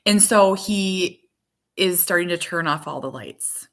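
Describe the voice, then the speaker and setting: Woman, 30s, slightly low voice, chatty, rambling live-stream mom with lots of filler words. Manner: rambling, chatty, with many fillers and quick laughs. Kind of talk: casual live-stream chat.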